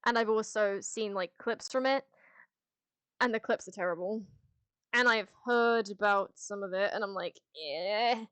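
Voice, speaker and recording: A woman's voice: medium pitch, moderate pace, fairly bright tone, clean tone, no room sound. A woman streamer on a headset, chatting casually with her chat in a rambling, candid way, full of restarts and the odd swear. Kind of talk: casual livestream chat, answering chat.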